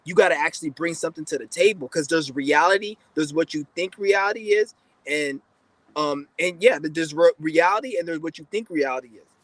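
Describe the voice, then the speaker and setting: Blunt, high-voiced man ranting. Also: a little fast, fairly bright tone, no echo, poor audio. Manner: blunt, profane, rambling with restarts. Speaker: podcast host. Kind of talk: casual monologue.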